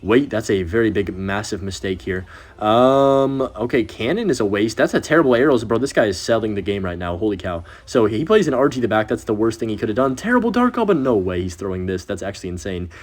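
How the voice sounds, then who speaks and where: A young man giving excitable gameplay commentary while he plays, talking to himself and to viewers. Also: lowish voice, brisk. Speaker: gaming video creator.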